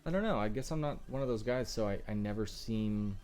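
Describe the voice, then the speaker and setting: A man's voice: on the low side, brisk, darkish tone, faint music behind. A man casually chatting with viewers during a live stream while working on car tail lights, moving around his workbench. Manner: laid-back, talks to chat between tasks.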